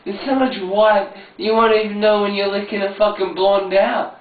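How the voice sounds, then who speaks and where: A man's voice: high voice, little pitch movement, moderate pace. Drunk rambling young man, far from the mic. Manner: rambling, laughing, swearing storyteller. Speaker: flatmate being filmed. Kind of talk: casual drunken chat. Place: indoor flat room. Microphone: hidden camcorder at a distance. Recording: far-off echoey lo-fi phone-like home video.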